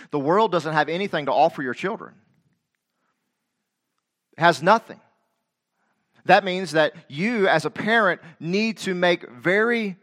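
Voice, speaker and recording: A middle-aged male pastor delivers a sermon, putting direct questions to the congregation and repeating phrases. He climbs to loud, emphatic scripture quotations, and his voice sits a little high.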